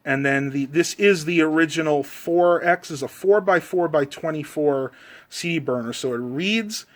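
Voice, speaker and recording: A man records a casual vlog in his bedroom at home. He talks in an easygoing, rambling way, with ums and uhs scattered through. His voice sits a touch higher than most men's. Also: normal speed. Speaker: vlogger.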